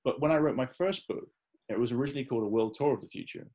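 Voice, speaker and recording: A man's voice: medium pitch, rapid-fire, warm tone, poor audio. A man with an English Midlands accent, a guest on an interview, talking with enthusiastic, rambling energy and frequent restarts. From English Midlands, Staffordshire. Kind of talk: casual interview chat.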